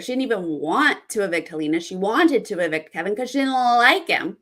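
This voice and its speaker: A young woman hosting a casual reality TV recap, reacting with excitement and reading viewer comments aloud. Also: mid-range voice, a little slow.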